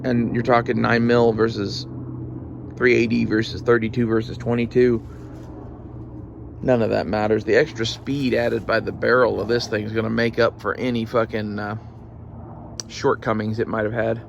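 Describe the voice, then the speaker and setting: A man with a gravelly, middle-low voice talks off the cuff for his vlog audience, loose and profane. His speech wanders, full of fillers and restarts. There is faint ambient hum in the background. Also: level tone, moderate pace, dull audio. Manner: casual, profane, rambling with fillers. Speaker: gun channel vlogger. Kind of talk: casual rambling gear talk.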